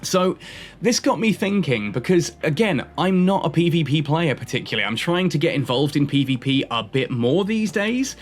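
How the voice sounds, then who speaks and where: A man's voice: on the high side, sing-song, moderate pace. A man chatting casually with his viewers as he plays a game and narrates, rambling from one thought to the next. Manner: chatty, rambling stream of consciousness. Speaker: gaming YouTuber. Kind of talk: casual commentary while playing.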